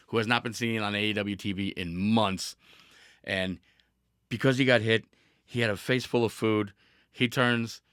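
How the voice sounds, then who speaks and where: A man's voice: medium pitch, fairly bright tone, smooth, dry recording, clean studio sound. A man hosting a casual podcast, telling a story with energy, with laughs and restarts along the way. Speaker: podcast host.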